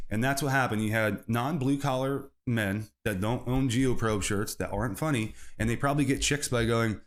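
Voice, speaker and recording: A man's voice: medium pitch, moderate pace, hardly any pauses. A man hosting a solo comedy podcast, rambling from bit to bit and laughing at his own jokes. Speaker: podcast host.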